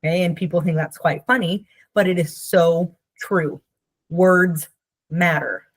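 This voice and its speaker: A woman therapist with a fairly low voice teaches in a relaxed, chatty way. She keeps checking in with her listeners and slips into playful little impressions of the people she describes. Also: measured pace, no echo. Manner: conversational, checks in with frequent "Okay?"; acts out quoted voices playfully. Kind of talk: casual teaching talk.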